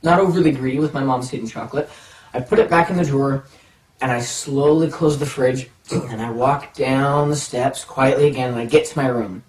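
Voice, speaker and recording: A man telling a childhood story in an animated, playful way, dragging out pauses for suspense. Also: medium pitch. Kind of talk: personal anecdote storytelling. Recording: roomy, from a distance.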